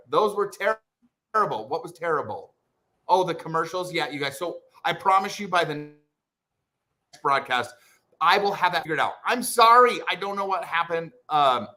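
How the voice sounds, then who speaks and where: A man hosting a casual livestream, chatting with viewers and greeting them in excited bursts. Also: mid-range voice. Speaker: livestream host.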